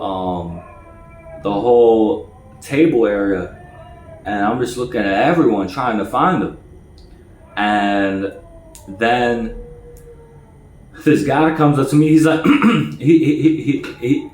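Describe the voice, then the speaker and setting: Male storyteller, casual, stammering and repeating himself, slightly low voice, roomy echo. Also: slight background noise. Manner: stammers and repeats words, acts out quoted voices higher and louder. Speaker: storyteller recounting his past. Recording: echoey room.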